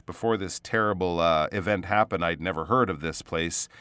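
A man teaching English pronunciation in a casual spoken lesson, patiently explaining words and repeating them slowly. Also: deep voice, pushed and bright, clear, resonant tone, dry recording.

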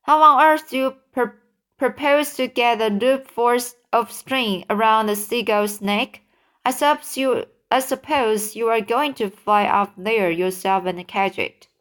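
A woman voicing a grumpy, scoffing earthworm, loud and indignant, in a storybook reading. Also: fairly high pitch, unhurried.

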